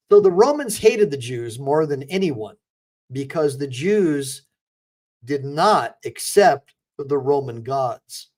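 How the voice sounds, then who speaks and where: Brief: male attorney-host, slightly high voice, heated ranting livestream commentary. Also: sing-song, slow, pauses often, darkish tone. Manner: ranting, heated rhetorical questions. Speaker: attorney and online show host.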